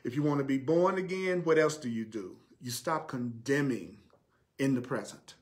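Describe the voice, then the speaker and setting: Southern man, mid-pitched, spiritual teacher who drives points home with repetition and rhetorical questions. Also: normal speed. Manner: emphatic, repeats key phrases, asks rhetorical questions.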